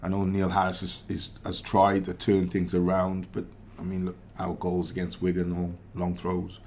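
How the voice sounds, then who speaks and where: Podcast pundit, man, low voice, thoughtful and halting, faint background noise. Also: completely flat delivery, darkish tone. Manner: measured, reflective, hesitant fillers. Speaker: pundit, former footballer. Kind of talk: casual podcast chat.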